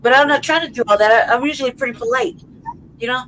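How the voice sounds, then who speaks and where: On poor audio with slight hiss or hum, a high-pitched, fairly bright woman speaks at a quick pace. She hosts a podcast and tells a rambling, profane story in casual chat, laughing along and checking in with "right?" and "you know what I mean?"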